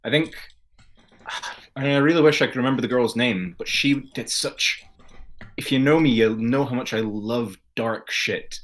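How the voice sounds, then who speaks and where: A man's voice: medium pitch, normal speed, fairly bright tone. A man, a podcast co-host, telling a rant-filled story in casual, heavily sweary chat. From Scotland.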